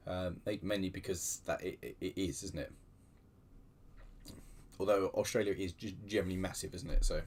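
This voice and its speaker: A man's voice: low voice, a little mellow, slightly rough. A man hosting a casual livestream, chatting in a rambling, self-deprecating way with many restarts, keyboard typing behind him. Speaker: livestream host.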